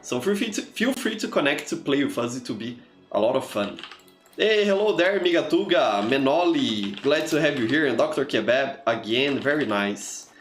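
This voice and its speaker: A man's voice: mid-range voice, sing-song, normal speed, a little hiss or hum. A man from Brazil, chatting casually while streaming a game, greeting viewers and filling with "you know". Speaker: streamer and teacher. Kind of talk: casual live-stream chat over gameplay. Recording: echoey room with faint music.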